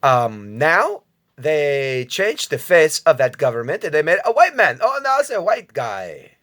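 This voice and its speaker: A man's voice: a little high, very animated, unhurried, a bit bright. Rambling profane man talking to viewers. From United States. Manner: rambling, profane, addresses viewers directly, chuckles often. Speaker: vlogger commentator. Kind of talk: casual rambling monologue.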